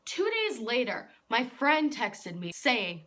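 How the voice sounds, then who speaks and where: A teenage girl talks straight to the camera in a bright, forward voice, packing nearly every phrase with "like." Her storytelling is casual and chatty, and she gets loud and indignant when the story turns dramatic. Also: fairly high pitch, big pitch swings, takes it slowly. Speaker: vlogger.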